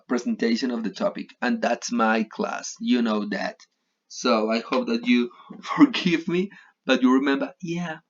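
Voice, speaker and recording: A man whose first language is Spanish teaches an English grammar lesson online, in a voice of middling pitch. He wanders off topic, slips into Spanish and repeats key points for emphasis. The audio is slightly dull and lo-fi.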